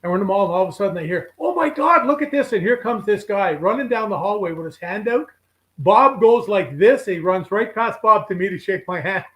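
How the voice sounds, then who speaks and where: Man, older, high voice, casual storyteller, acts out the people in his stories. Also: a little fast, fairly bright tone, poor audio. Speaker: regular guest on a fishing show.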